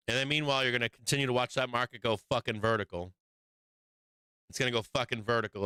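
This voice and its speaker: A man's voice: medium pitch, steady tone, rapid-fire, pushed and bright, smooth, no room sound. A man hosting a live stock market show, talking bluntly and profanely, hammering points through repetition. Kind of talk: livestream market commentary.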